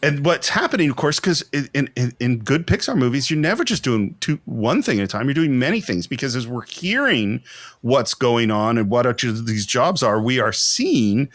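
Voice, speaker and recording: A man co-hosting a podcast, chatting casually and in an animated way about a film, acting out quotes as he goes. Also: mid-range voice, dry recording. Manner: animated, quick asides, acts out quotes. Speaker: podcast co-host.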